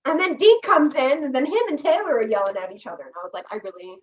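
A woman chatting casually on a podcast, telling a long story with animated delivery, quoting herself and others and swearing freely. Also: high voice, fast talker, distant mic, highs cut off, slight background noise. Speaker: podcast co-host recounting reality show experience. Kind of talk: casual chat.

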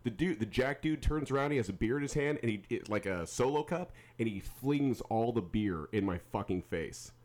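A man hosting a podcast, telling a bar-fight story in profane, animated casual chat, shouting out the quoted lines. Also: mid-range voice, normal speed, hardly any pauses. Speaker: podcast host.

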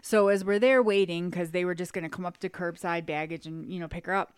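A woman co-hosting a podcast in casual chat, telling a story with lively energy and acting out quotes in high squeals. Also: brisk, clear, resonant tone, no room sound, clean studio sound. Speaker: podcast co-host.

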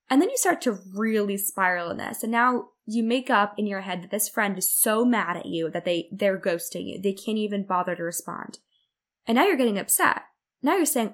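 Earnest woman podcasting about self-growth, mid pitch, acts out her inner voice now and then. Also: animated, fairly quick. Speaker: podcast host. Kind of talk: reflective self-development monologue.

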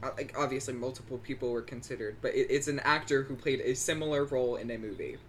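Low-voiced, giggly young woman. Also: quick pace, slight background noise. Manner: giggly, self-deprecating. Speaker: co-host asking trivia questions. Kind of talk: casual chat.

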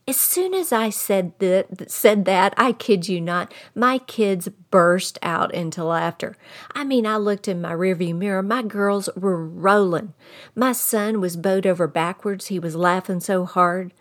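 A woman's voice: medium pitch, moderate pace. Folksy Texan grandmother telling a story. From Texas. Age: middle-aged. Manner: folksy, animated, talks straight to the listeners. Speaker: podcast host. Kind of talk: storytelling monologue.

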